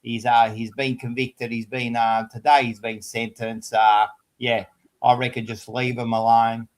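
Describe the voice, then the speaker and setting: A man's voice: medium pitch, little pitch movement, a little slow. An Australian man hosting a casual live-stream chat, laid-back and chatty. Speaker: host.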